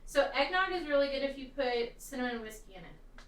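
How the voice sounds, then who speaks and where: A woman's voice: high voice, lively intonation, brisk, fairly bright tone, a little hiss or hum. A woman from the American South co-hosting a casual chat, with playful, teasing banter. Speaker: co-host. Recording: echoey room, distant from mic.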